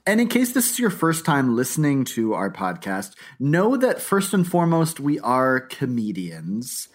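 Animated chatty male podcast co-host. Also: mid-range voice, unhurried. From New Hampshire or Florida. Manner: chatty, laughs often, animated storytelling. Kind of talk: casual comedic chat.

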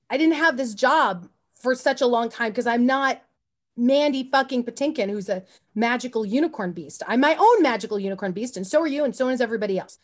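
A woman guest on an interview podcast, telling stories in an animated, rambling way with many asides and restarts. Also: fairly high pitch, moderate pace. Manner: often says "you know what I mean". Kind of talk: casual interview storytelling.

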